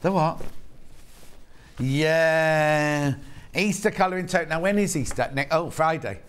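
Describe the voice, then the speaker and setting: A man's voice: fairly high pitch, lively intonation, a little fast. A man with a British accent presenting on a live shopping channel, chatty and rambling with self-mocking asides, in a TV studio.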